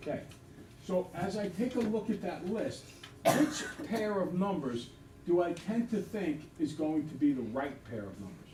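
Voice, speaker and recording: A man teaching a math lesson to a class, quizzing students with quick questions in an upbeat way. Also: high-pitched, lively intonation. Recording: echoey classroom, distant mic, background noise.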